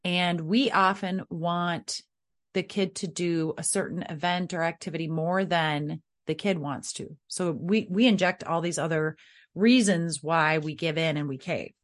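Low-voiced Midwestern woman coaching parents. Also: steady tone, unhurried. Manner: conversational, coaching, rhetorical questions. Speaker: parenting podcast host. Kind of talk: podcast advice talk.

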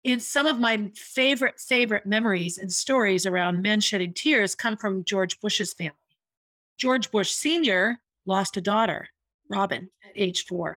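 A woman's voice: medium pitch, normal speed, fairly bright tone, no echo. A woman in her fifties hosting a podcast, telling a personal story in an earnest, reflective way and repeating words for emphasis. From United States. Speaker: podcast host.

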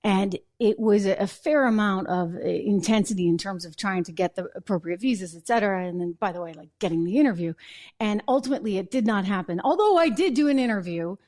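A woman hosting a live political commentary show, talking in a chatty way with quick asides and restarts and wry laughs at her own points. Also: mid-range voice, a little mellow.

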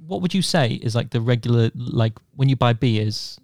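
A podcast co-host with a medium-pitched, darkish voice engages in casual banter, telling rambling stories and correcting himself as he goes. He sounds animated and speaks at a moderate pace. The studio sound is clean, with no room sound.

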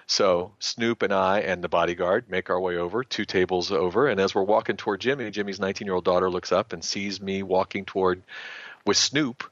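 A man, a sports writer and guest, telling anecdotes in a casual, animated way and slipping into the voices of the people he quotes. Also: low-pitched, brisk, no echo, highs cut off. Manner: animated storyteller who acts out quotes.

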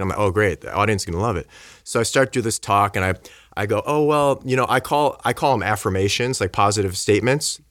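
A man telling a story in casual conversation, animated and acting out the voices of the people in it. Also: fairly low pitch, fairly quick, dry recording, studio quality. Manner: animated, acts out quoted voices. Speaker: guest speaker.

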